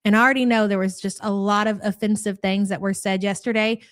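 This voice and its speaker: A woman's voice: medium pitch, steady tone, fast, no room sound. A woman hosting a morning live stream, chatting casually, rattling off viewer names and swearing bluntly.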